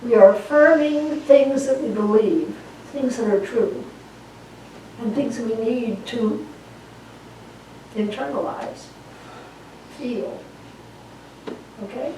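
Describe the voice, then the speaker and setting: A woman minister gives a sermon in a church in a fairly high voice. She speaks slowly and deliberately and circles back to the same phrases again and again. The sound is very echoey and comes from some distance off the mic, with a faint hum of the room behind it. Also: warm tone. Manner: slow, deliberate, repeating phrases for emphasis. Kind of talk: sermon and spoken affirmations. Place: church sanctuary.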